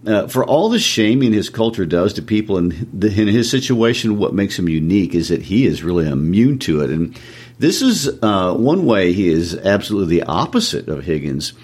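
A man with a fairly low voice talks through a stage play's characters. He co-hosts a relaxed literary discussion. He explains thoughtfully and pauses on fillers. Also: breathy edge. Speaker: podcast co-host discussing a play.

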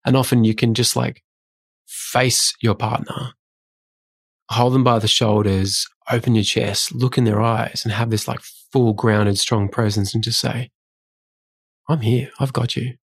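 A man's voice: fairly low pitch, steady tone, measured pace. A man co-hosting a podcast, telling stories in a casual, self-deprecating way. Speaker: podcast co-host. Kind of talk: casual conversation.

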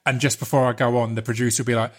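A man talking casually on a podcast, relaxed and slangy, with stammered restarts. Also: medium pitch, very fast. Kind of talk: casual chat.

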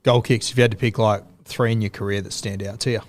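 An Australian man hosting a sports podcast and lobbing casual, matey questions. His voice is fairly low, and he fills the gaps with easy fillers. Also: steady tone, fast, a little hiss or hum. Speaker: podcast host. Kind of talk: casual interview.

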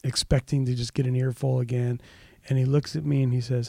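A man who works as a pastor tells a story during a relaxed podcast chat, his mid-range voice mellow, dark and creaky, moving fairly quickly. He gets louder and livelier whenever he quotes someone. The sound is dry and close-miked, with no echo.

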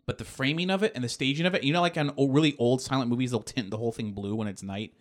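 A man in casual chat, rambling excitedly through a film story with filler words and swearing. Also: medium pitch, very fast.

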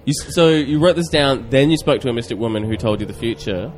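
Deadpan man in improv comedy. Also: mid-range voice, fast talker. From Australia. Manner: deadpan, mock-earnest, laughing often.

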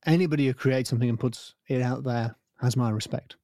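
A man from England, explaining things in a dry, deadpan way during a casual podcast chat. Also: mid-range voice, brisk, no room sound. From northeast England.

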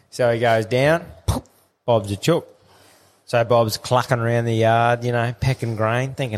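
A man's voice: medium pitch, measured pace. A man with an Australian accent hosting a podcast, telling crude jokes in casual banter. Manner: crude joking, storytelling. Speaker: podcast host.

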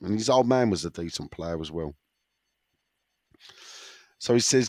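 Guy with a sore throat running the listener questions, lowish voice, bit rambly, dry close sound. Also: animated, a little slow, pauses often, no room sound. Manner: rambling, teasing, stumbles over words. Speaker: podcast co-host leading a listener question segment. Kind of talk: casual chat.

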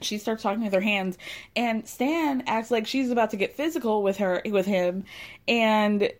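A woman recapping a story in casual chat, animated and gossipy, laughing often. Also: mid-range voice, normal speed.

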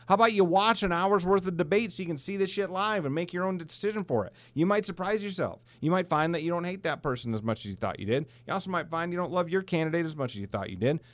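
A man's voice: sits high, no room sound. Swearing Midwestern man ranting. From South Dakota, USA. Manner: heated, blunt, swears freely. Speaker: podcast host. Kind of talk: profane ranting monologue.

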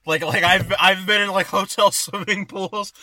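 A man co-hosting a casual podcast chat, crude and joking, chiming in with loud bursts. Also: high voice, fairly even intonation, normal speed, no echo. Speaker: podcast co-host. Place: in a car.

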